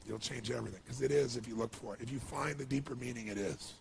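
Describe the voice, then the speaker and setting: A man's voice: mid-range voice, fast, gravelly, slight background noise. A man giving an earnest, emotional storytelling speech as a motivational speaker, with lots of "you know.".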